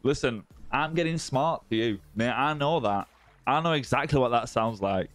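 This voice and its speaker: A man's voice: medium pitch, normal speed, soft background music. A man hosting a live gaming stream, chatting casually with viewers and greeting them by name. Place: indoor room with ring light.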